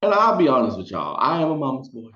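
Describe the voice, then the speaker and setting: A man telling a personal story in casual vlog style, acting out the people he quotes. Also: fast talker. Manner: animated, acts out quotes in high voices. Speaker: storytime vlogger. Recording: roomy, dull lo-fi sound.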